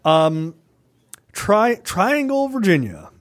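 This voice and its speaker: Profane, animated man chatting. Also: sits high, slow. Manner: profane, animated, rambling with many "right?" asides. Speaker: podcast co-host. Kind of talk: casual political chat.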